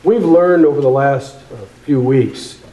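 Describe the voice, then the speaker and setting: A man preaching a sermon, emphatic and repeating phrases, slowing down on key words. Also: medium pitch, mellow, reverberant, rough recording.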